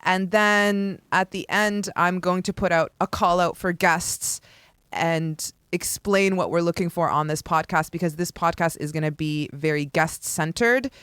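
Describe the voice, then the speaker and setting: A woman's voice: fairly low pitch, a little slow, fairly bright tone, clean tone, no room sound. A woman in her thirties from Canada, hosting a solo podcast and telling her own story with comedic energy, acting out the voices she quotes. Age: 30s. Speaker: podcast host.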